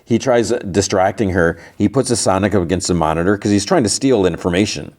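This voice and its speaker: His voice is deep, brisk and darkish as he hosts a podcast. He recaps a TV episode casually, wandering along with many fillers and false starts.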